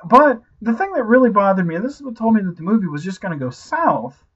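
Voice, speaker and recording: A man in his thirties giving a casual, ranting movie review, animated and profane, constantly saying "like" and "you know". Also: sits high, fast talker, slightly rough, muffled recording. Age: 30s.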